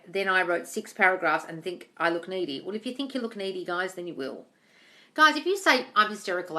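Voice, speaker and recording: Blunt, sweary woman with a bright voice. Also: mid-range voice. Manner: blunt, sweary, calls viewers darling. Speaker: manifestation coach answering live chat questions. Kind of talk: live-stream Q&A, reading comments aloud.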